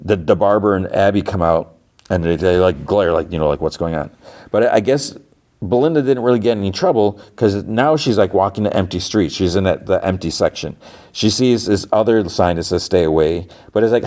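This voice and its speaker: A man with a low voice talks through an episode recap for his podcast. He rambles casually, leaning on fillers and restarting his sentences. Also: fairly quick, a little mellow. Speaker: podcast host.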